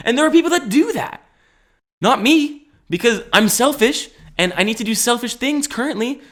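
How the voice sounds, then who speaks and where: A man's voice: extremely high pitch, animated, moderate pace, a bit bright. A man in his twenties hosting a solo podcast, talking in a rambling, jokey way, often laughing and swearing casually. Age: 20s. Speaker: podcast host. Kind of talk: solo comedic podcast monologue.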